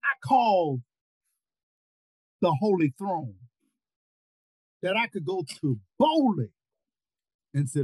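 An older man preaching a sermon over a video call, repeating words and rising into near-shouts. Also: sits high, very animated, takes it slowly, pauses often, slightly rough, dry recording, low-quality recording.

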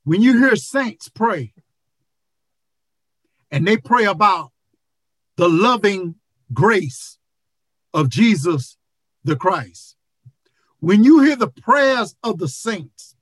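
Older preacher, seventy, video-call sermon, slow deliberate delivery, dry close sound, repeats phrases, rises to shouts. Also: mid-range voice, no room sound. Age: 70s.

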